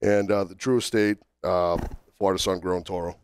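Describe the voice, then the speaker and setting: A man with a lowish, smooth voice, talking casually while under the weather from a cold. He stops often to fill gaps as he works through a list. The sound is dry and close. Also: fairly even intonation, darkish tone, no room sound. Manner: halting, many fillers and restarts while listing. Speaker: podcast co-host. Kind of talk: casual podcast chat.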